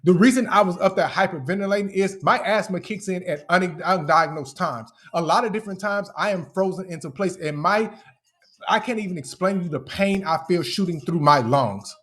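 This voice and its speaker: A young man rants angrily on a live stream, heated, profane and confrontational as he responds to his critics. His voice is high and fairly bright, and he speaks fairly quickly.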